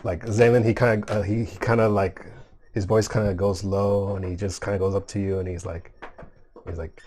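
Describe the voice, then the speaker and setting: Male player, halting speech full of fillers, lowish dark voice. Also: level tone, slight background noise. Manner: hesitant, many fillers. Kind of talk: casual tabletop play.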